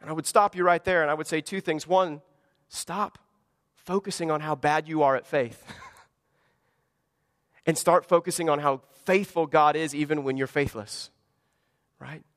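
A man's voice: on the high side, steady tone, unhurried, long pauses, a bit bright, big-room sound. A man preaching a sermon to his congregation, earnest and conversational, full of rhetorical questions. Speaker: pastor. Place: church service in a school gymnasium.

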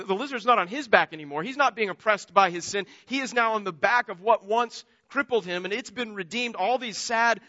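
Bright high-voiced man preaching. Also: dull audio. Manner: earnest storytelling, repeats words as he restarts. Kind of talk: sermon.

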